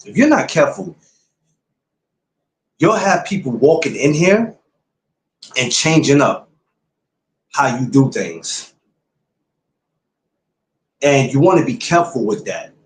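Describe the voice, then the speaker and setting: A man's voice: mid-range voice, big pitch swings, slow, pauses often, reverberant. A man hosting his podcast, talking casually and bluntly to his viewers, repeating his points like a lecture. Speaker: podcast host. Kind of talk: casual livestream talk to viewers.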